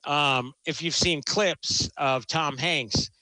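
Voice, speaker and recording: A man's voice: on the high side, slow pace, sharp tone, dry recording, low-quality recording. A man talking casually about a film, enthusiastic and rambling, often restarting his sentences. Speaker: film critic guest. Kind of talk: casual chat.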